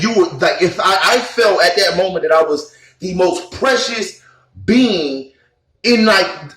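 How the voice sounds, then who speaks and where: A man's voice: fairly high pitch, a bit bright. A man telling a personal experience in a rambling, earnest way, full of fillers and restarts. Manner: earnest, emotional. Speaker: vlogger. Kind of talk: casual personal storytelling. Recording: echoey room.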